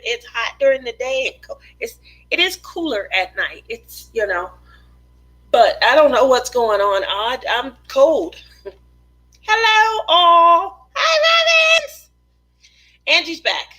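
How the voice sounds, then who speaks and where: A woman's voice: fairly high pitch, bright, forceful tone, rough recording. A woman hosting a casual craft livestream from her home, chatting and reading viewer comments aloud and laughing often. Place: home in the desert.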